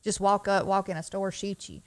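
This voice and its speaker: A woman's voice: mid-range voice, steady tone, brisk. A woman, co-hosting a casual news chat and talking earnestly and with feeling. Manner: earnest, emotional, Southern phrasing. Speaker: co-host.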